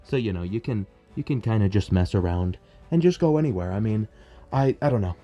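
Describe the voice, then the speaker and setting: A man's voice: fairly low pitch, lively intonation, brisk, warm tone, muffled recording, faint music behind. A young man in a chatty, rambling, self-deprecating tutorial vlog, talking at home as a plush video creator. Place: bedroom at home.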